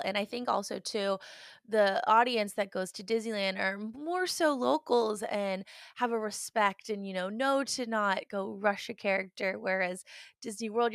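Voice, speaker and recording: A woman's voice: mid-range voice, vocal fry, no echo, clean studio sound. A woman hosting a podcast in casual chat, gushing and chatty with plenty of fillers. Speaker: podcast host.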